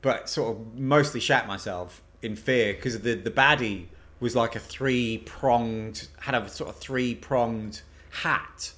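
A man's voice: mid-range voice, takes it slowly. A man co-hosting a podcast in casual, profane chat, telling stories with animation. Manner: swears freely, animated storytelling. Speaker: podcast co-host.

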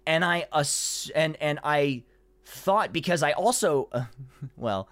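Speaking slowly in a slightly high voice with no room sound, this man is a voice actor guesting on an interview. His casual, lively storytelling is packed with "you know" fillers and performed quotations.

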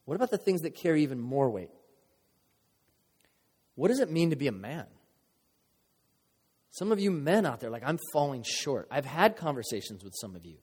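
Preaching to his congregation, this pastor sounds earnest and conversational, blending emotion with playful asides. His slightly high voice is sing-song, a little mellow and slightly rough, at normal speed with frequent pauses. A large hall adds long reverb behind him.

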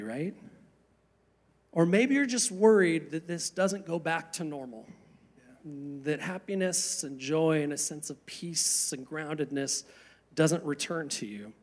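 A man preaching a sermon, earnest, asking rhetorical questions and slowing down for emphasis. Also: high voice. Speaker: pastor.

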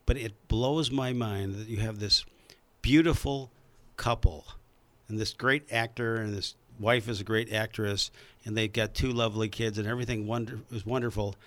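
A man's voice: on the low side, fairly even intonation, moderate pace, fairly bright tone. A man hosting a casual talk show, chatty and rambling, with lots of fillers. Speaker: podcast host.

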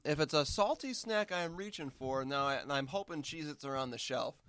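A man with a somewhat raised pitch rambles through a casual snack-tasting chat with mock-serious gravity. He restarts his sentences often and talks while still chewing. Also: expressive, brisk, a bit bright, smooth. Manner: talks with mouth full while eating. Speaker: guest.

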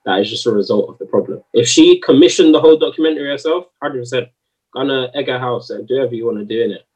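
A man's voice: medium pitch, fast, husky, recorded from a distance, rough recording. A man in a heated, slangy podcast discussion, arguing his point. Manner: animated, slangy, argumentative.

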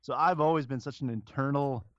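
A man's voice: medium pitch, brisk, no echo, dull audio. A man co-hosting a podcast in casual chat, telling stories with lots of swearing and laughter. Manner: profane, laughs often, animated storytelling. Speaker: podcast co-host.

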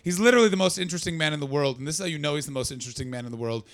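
A man from Canada doing a stand-up comedy set, sarcastic and excitable, throwing asides to the crowd. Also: on the high side, rapid-fire.

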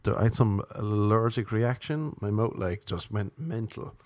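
An Irish man with a cold, hosting a podcast and telling a rambling comic story with sarcastic, deadpan asides. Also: lowish voice, moderate pace, no echo. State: sniffly with a cold.

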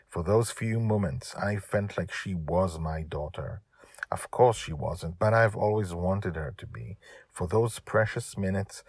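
A man reading his own serial story aloud, telling it in a gentle, earnest way. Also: deep voice, breathy edge, no room sound, studio quality. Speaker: author and reader of a serial story. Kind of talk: storybook narration.

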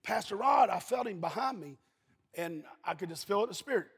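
A high-pitched, husky-voiced man preaches a sermon. He is from Eastern Kentucky and tells folksy stories, now and then breaking into shouts. A long reverb hangs on every line. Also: animated, a little fast. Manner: folksy storytelling, bursts into shouting. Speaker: pastor.

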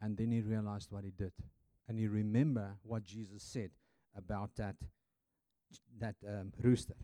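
A man preaching a sermon dramatically, swinging from loud passages to hushed ones, with hesitant fillers and restarts. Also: fairly low pitch, level tone, moderate pace, no room sound.

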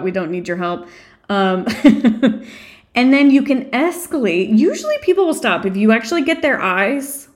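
A woman's voice: mid-range voice, a little mellow. A woman hosting a dog training podcast, answering listener questions in a direct, assertive way. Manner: direct, assertive advice-giving.

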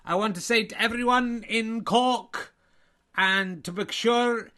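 A man's voice: sits high, slow pace, pushed and bright, pitched above the performer's own voice, full character voice. A hammy stage-Irish snooker player, put on by a man in a comic commentary improv. The voice sits well above the performer's own and bounces with overdone jolly patter. The put-on Irish accent keeps slipping into Welsh.

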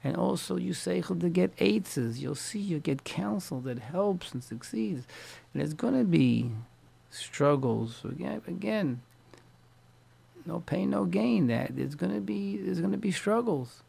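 A man's voice: high voice, lively intonation, a little slow, creaky, dark tone, husky. A man, a rabbi, delivering a storytelling sermon with speech, repeating key words and mixing in Yiddish and Hebrew terms.

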